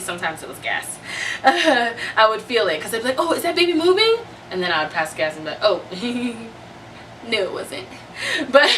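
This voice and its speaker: A woman's voice: medium pitch, sharp tone. A young woman chatting casually to camera, laughing often and acting out her own reactions. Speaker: vlogger. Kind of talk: casual chat. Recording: voice a bit far from the mic, faint noise.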